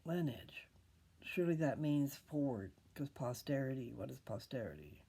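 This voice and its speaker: An older woman hosting a casual scripture talk, rambling, pausing often and drifting into whispers. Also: very deep voice, animated, mellow, slightly rough. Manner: rambling, pauses often, loses her train of thought. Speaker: video host reading scripture.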